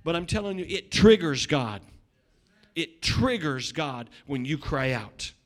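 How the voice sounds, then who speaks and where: Man, high voice, middle-aged, pastor, sermon, shouts then hushes, repeats words. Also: expressive, measured pace. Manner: swings between loud shouting and quiet asides.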